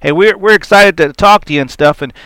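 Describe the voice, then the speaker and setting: A man's voice: sits high, fairly quick, a bit bright, no room sound. Upbeat Christian radio host, man. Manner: upbeat, laughs often. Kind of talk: Christian radio talk show.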